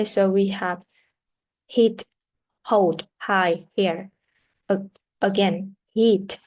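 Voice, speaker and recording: A woman teaching English pronunciation in a classroom lesson, explaining deliberately and often restarting her sentences. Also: mid-range voice, a little mellow.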